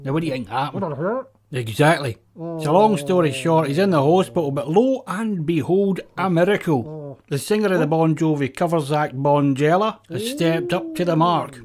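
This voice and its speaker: A man's voice: fairly high pitch, expressive, normal speed, crowd noise. A man with a Scottish accent hosting a comedy show, rambling chattily and laughing at his own jokes. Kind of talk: scripted comedic monologue.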